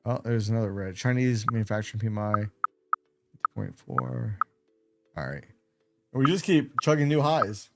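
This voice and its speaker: On the low side and expressive, this man's voice moves at normal speed with frequent pauses, heard over music. He's hosting a late-night trading livestream, rambling casually and making fun of himself.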